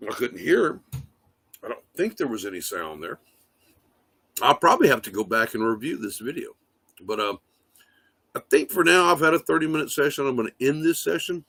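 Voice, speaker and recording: A man's voice: mid-range voice, big pitch swings, brisk, long pauses, pushed and bright, husky, dry recording. A man rambling casually on a livestream, swearing often and leaning on fillers. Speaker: livestream host. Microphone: phone.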